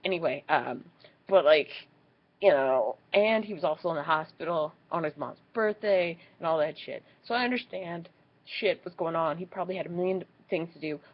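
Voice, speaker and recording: A young woman telling a story in a casual vlog, swearing freely and acting out what people said in squeaky high voices. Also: moderate pace, dull audio. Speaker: vlogger.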